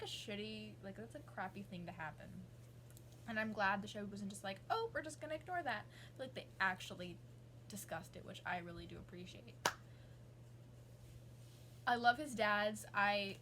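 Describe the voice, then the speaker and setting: A woman's voice: medium pitch, fairly bright tone, slight background noise. A young woman, rambling casually as a vlogger with lots of fillers and asides. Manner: rambling, gushing, many fillers. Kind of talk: casual chat.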